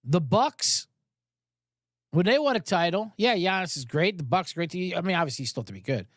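A man's voice: high voice, animated, brisk, a bit bright, no room sound, studio quality. A man hosting a sports betting podcast, talking in a rambling, profane, casual way.

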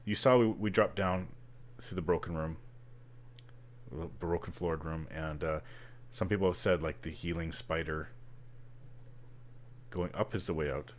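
Low-voiced Canadian man narrating gameplay. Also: fairly even intonation, unhurried, pauses often, slight background noise. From British Columbia, Canada. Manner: rambling, self-deprecating, stumbles on words. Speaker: gamer. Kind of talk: casual gameplay commentary.

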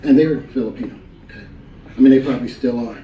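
A man performing a stand-up comedy set on a club stage, telling stories animatedly and jumping into high voices for the people he quotes. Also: racing, warm tone, distant mic, slight background noise. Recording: roomy live club recording, crowd laughter.

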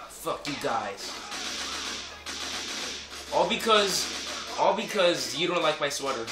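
Profane young man ranting over gameplay. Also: mid-range voice. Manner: profane, rambling, frequent swearing at the game. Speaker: gameplay commentator. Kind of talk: casual gameplay commentary. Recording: echoey room with game music behind.

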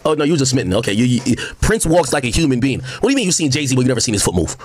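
Fast, mocking, ranting streamer. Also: male voice, mid-range voice, very animated, darkish tone. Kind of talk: heated livestream rant.

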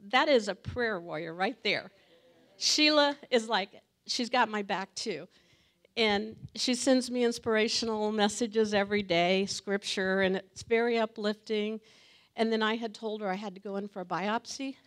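A woman's voice: medium pitch, normal speed, a bit bright. A woman sharing a personal testimony at a church gathering, talking earnestly and emotionally and laughing now and then. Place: church meeting room with audience.

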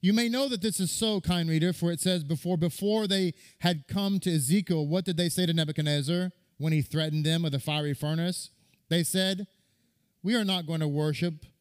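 This rabbi's voice is a little high as he retells a midrash during a sermon. He reads scripture aloud, quotes it, and repeats key words for stress.

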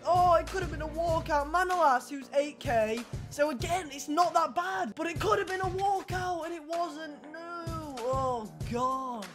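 High-voiced excitable young man gaming. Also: unhurried, few pauses. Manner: loud, excitable, shouts and laughs at reveals. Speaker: gaming YouTuber. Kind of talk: excitable pack-opening commentary. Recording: music playing behind. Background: background music.

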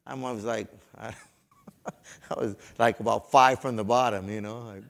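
A man preaching a sermon as pastor, swinging between loud fervent passages and quiet, folksy storytelling with conversational asides. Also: fairly low pitch, steady tone, normal speed, gravelly.

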